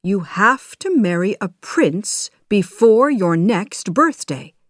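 A woman's voice: medium pitch, animated, takes it slowly, no echo, clean studio sound. A woman reading a fretful old king. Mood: insistent.

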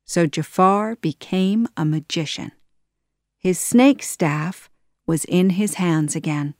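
A woman reading a storybook aloud in slow, careful narration. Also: fairly low pitch, a little mellow, dry recording, studio quality.

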